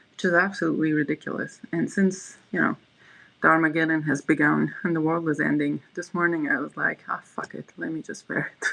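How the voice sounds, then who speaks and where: Chatty livestream host with vocal fry. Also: medium pitch, fairly bright tone, rough recording. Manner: chatty, rambling, reads chat messages aloud; frequent fillers and restarts. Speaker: livestream host reading chat. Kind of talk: casual chat livestream.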